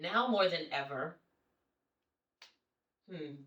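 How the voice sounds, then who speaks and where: A woman's voice: deep voice, slow, far from the mic, highs cut off. A woman from Mississippi, a singer, chatting casually as a guest and acting out the people in her stories. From Mississippi, USA. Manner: animated storyteller, acts out quoted people. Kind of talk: casual chat. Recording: echoey room, voice from off-mic.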